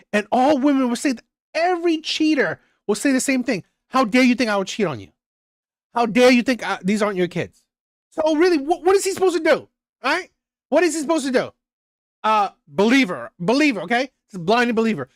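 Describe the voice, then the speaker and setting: Male commentator, emphatic, repeats himself, lively intonation, dry close mic. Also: very high-pitched, no room sound. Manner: emphatic, repetitive, restarts sentences. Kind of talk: reaction commentary.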